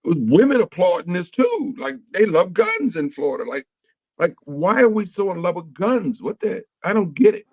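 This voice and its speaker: A man's voice: high voice, big pitch swings, normal speed, darkish tone, dry recording, highs cut off. A man, a comedian, talking casually and rambling with lots of fillers and restarts. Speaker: comedian guest. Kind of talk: casual panel chat.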